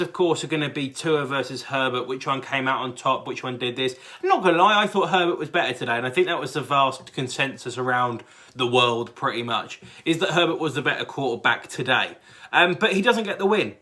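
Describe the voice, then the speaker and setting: Excitable British man reacting to football. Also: a little high. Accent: British English. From England. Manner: excitable, rambling with many fillers and restarts. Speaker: sports fan channel host. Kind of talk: casual fan reaction.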